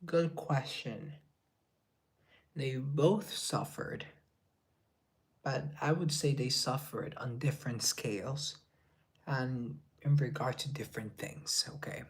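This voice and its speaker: A man chatting on a relaxed live stream, taking his time over every answer. He reads the chat aloud and replies, sometimes slipping into a hushed whisper for an aside. His pitch sits in an ordinary middle range. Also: takes it slowly, long pauses.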